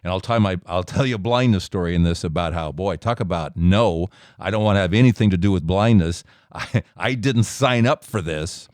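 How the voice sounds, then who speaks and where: A middle-aged man hosting a show, telling a personal story in an animated way and acting out the dialogue. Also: moderate pace, no echo, clean studio sound. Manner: animated, acts out dialogue with big pitch jumps. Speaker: podcast host. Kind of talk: storytelling monologue.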